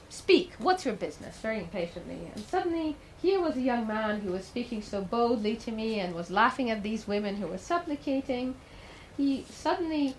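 A woman gives a storytelling lecture in a conversational way, with the odd filler and questions to the audience. Her voice is a little high, and the rough recording carries a little hiss or hum.

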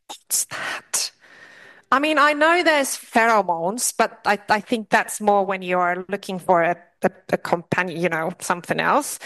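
Chatty woman lecturer with fillers. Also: fairly high pitch. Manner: lively, direct and chatty, with many asides and fillers. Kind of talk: classroom lecture.

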